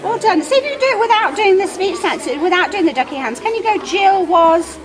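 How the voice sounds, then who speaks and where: A woman's voice: extremely high pitch, lively intonation, brisk, over music, a crowd in the background. A woman teacher talking with young pupils in an encouraging, upbeat way. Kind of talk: classroom talk with pupils. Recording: busy classroom with children chatting.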